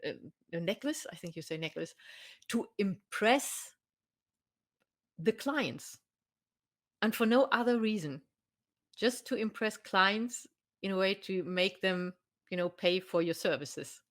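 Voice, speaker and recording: A woman scholar, a guest in an academic conversation, who talks haltingly and searches for her words. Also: medium pitch, expressive, fairly bright tone.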